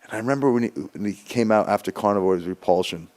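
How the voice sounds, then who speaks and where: Middle aged dude w a deep voice telling a road story, chill, swears a bit. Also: male voice, fast talker, darkish tone. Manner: loose and laid-back, casual swearing. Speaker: musician sharing a memory. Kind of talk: casual storytelling.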